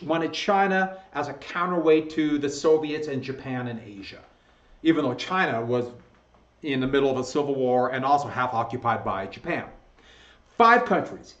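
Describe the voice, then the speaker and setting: A man teaching history from slides, talking casually and correcting his own slips as he goes. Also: a little high. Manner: conversational, self-correcting, chuckles at own slips. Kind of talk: recorded slideshow lecture. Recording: echoey room, dull lo-fi sound.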